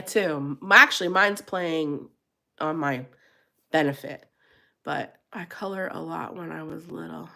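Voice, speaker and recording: Hosting a casual livestream chat, a middle-aged woman stays animated and laughs often. She turns high and squealy when quoting herself.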